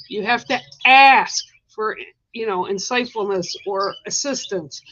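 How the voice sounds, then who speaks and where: Bright-voiced woman reading cards. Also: fairly high pitch, lo-fi sound. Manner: gentle, reassuring, coaxing with "right?" and "okay?". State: coughing. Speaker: spiritual card reader. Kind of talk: livestreamed oracle card reading.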